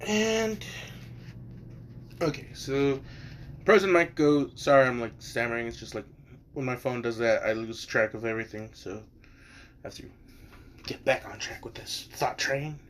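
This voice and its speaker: A man's voice: medium pitch, moderate pace, pauses often, a bit bright, a little hiss or hum. A man casually retelling a fan story, rambling and swearing, with many fillers and asides.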